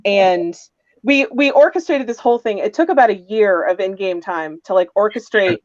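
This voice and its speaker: A woman's voice: medium pitch, normal speed, dry recording. Chatty woman on dull lo-fi call audio. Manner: chatty, rambling storyteller full of asides. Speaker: roundtable panelist. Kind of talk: casual storytelling about a tabletop game.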